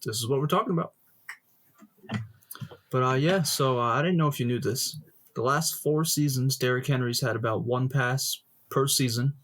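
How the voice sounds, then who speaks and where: A man's voice: medium pitch, normal speed, a bit bright. A young man co-hosting a sports podcast, chatting casually and chiming in with stats. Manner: laid-back, chiming in with stats. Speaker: podcast co-host.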